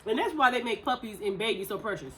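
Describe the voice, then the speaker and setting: A woman's voice: fairly high pitch, animated, quick pace, heavy background noise. A woman in her thirties co-hosting a podcast, talking casually and animatedly over a meal, laughing often. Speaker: podcast co-host.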